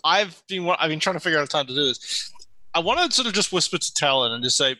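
A man playing a tabletop game, planning out loud, hesitant and full of restarts. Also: fairly high pitch, big pitch swings, fast, no room sound, rough recording. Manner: hesitant, restarting and thinking aloud. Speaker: player. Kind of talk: casual tabletop game chat.

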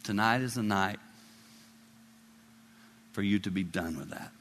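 A man in his sixties preaching a sermon to a congregation, emotional, dropping to hushed whispers and rising to high cries. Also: a little slow, in a large hall, slight background noise. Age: 60s. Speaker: traveling preacher. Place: large hall with a live congregation.

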